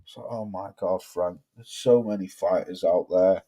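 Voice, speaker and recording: A man's voice: sits low, steady tone, measured pace, mellow. A man from northern England with a northern accent, hosting a casual livestream, reading viewer comments aloud, swearing and laughing a lot. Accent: northern English. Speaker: livestream host reading chat. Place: home, living in the Midlands.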